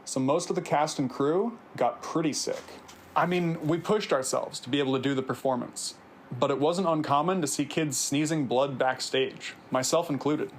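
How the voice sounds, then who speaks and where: Earnest man narrating, slightly higher voice. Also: normal speed, slight background noise. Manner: earnest, confessional. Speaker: host of a personal video series. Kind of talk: scripted reflective narration.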